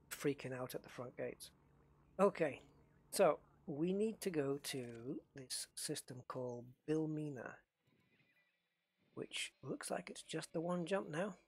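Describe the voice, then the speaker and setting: A middle-aged man from northeast England, with an English accent, live-streams a game from his desk at home, rambling chattily and cutting himself off mid-thought. His medium-pitched voice is gravelly with a breathy edge.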